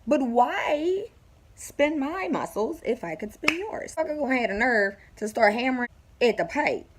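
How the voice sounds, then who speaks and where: A woman's voice: high voice, sing-song, moderate pace, background noise. A woman telling a story in a casual vlog, blunt and profane, with lots of animation. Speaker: vlogger.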